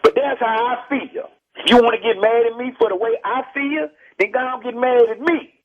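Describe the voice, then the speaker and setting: A man's voice: very high-pitched, normal speed, crowd noise. Heated texas man on a muffled phone line. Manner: forceful, lecturing, repeats points. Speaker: rapper guest. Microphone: telephone.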